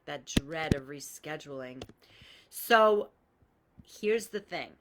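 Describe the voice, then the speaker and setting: A woman's voice: sits low, animated, takes it slowly, slight background noise. A woman hosting a live coaching call, talking bluntly and swearing freely as she gives everyday examples and greets viewers by name. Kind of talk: casual live-stream coaching talk.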